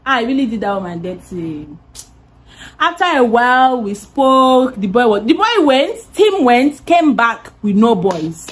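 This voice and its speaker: Animated Nigerian woman telling a story. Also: a little high, measured pace, husky. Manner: animated, laughing, swearing. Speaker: vlogger. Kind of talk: storytime vlog.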